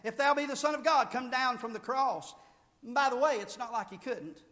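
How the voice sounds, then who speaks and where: Casting: male preacher, very high voice, fervent delivery that rises to shouts, sermon in a reverberant hall. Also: moderate pace. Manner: fervent preaching, swelling to loud shouted peaks then dropping low. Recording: long reverb of a large hall.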